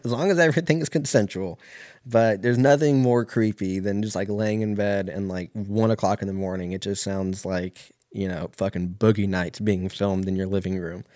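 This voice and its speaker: Young guy ranting a story, lots of ums and swearing, kinda low voice. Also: no room sound, studio quality. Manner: profane rambling, frequent fillers and restarts. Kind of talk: casual storytelling monologue.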